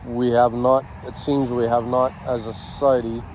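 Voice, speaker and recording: A man teaching communication techniques, speaking in short halting phrases with pauses between them. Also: mid-range voice, flat delivery, a little mellow, slight background noise, low-quality recording. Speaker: communication instructor. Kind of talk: slow instructional talk.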